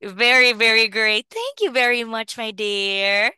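A woman teaching a young child phonics in an online lesson, encouraging and clearly enunciated. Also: a little high, steady tone, measured pace, bright, forceful tone, dry recording, studio quality. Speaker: English teacher.

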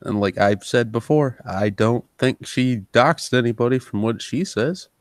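A man's voice: medium pitch, measured pace, dry recording. A man in a casual online voice chat, rambling in a laid-back way with lots of fillers.

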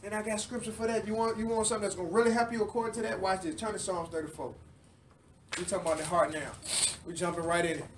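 Man, Bible teacher, fervent live sermon, call-and-response, high voice, distant mic with faint background noise. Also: fairly even intonation, quick pace. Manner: fervent, repeats phrases, call-and-response with group. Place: room with a live group of listeners.

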